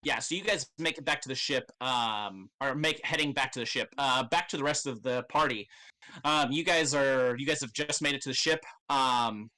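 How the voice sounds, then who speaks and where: A man runs a tabletop role-playing game in a bright, easygoing voice. He narrates casually and rambles, with plenty of filler and swearing. He laughs often as he talks. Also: mid-range voice, moderate pace. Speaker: game master.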